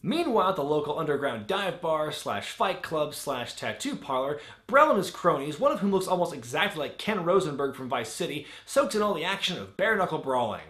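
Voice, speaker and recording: A man's voice: on the high side, sing-song, a little fast, few pauses, fairly bright tone. A man hosting a comedic movie review, narrating in a sarcastic, wisecracking way. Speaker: host. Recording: roomy with music bed.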